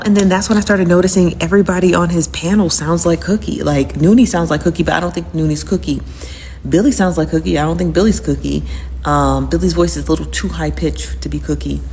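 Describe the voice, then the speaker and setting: Woman host, lowish voice, rambling casual recap, long reverb on the recording. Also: fast talker, a little mellow, a little hiss or hum. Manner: rambling and repetitive, with frequent fillers. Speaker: host recapping live-stream drama. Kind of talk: casual chat.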